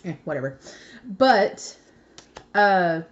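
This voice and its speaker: A woman's voice: medium pitch, big pitch swings, slow pace, dull audio. Chatty, swearing young woman reading tarot. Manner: chatty, swears freely, laughs often. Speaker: tarot reader. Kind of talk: casual tarot reading vlog.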